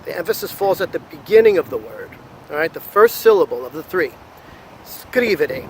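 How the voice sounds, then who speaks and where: An American man with a somewhat high voice teaches Italian grammar, stretching out each conjugated verb so learners can hear it. A faint hum of outdoor noise sits under his voice. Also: big pitch swings, poor audio. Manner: slow, careful modeling of Italian words. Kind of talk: language lesson.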